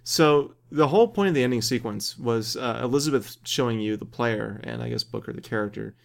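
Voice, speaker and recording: A man's voice: mid-range voice, fairly quick, creaky. A man hosting a casual podcast discussion, thoughtful and rambling as he lays out his reading of a story. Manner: thoughtful, rambling, laughs easily. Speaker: podcast host.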